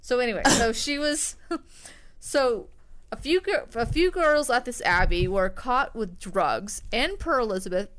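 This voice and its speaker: A woman's voice: fairly high pitch, expressive, measured pace, fairly bright tone. Rambling woman podcaster, casual and sweary. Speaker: podcast co-host. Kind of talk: casual true-crime chat.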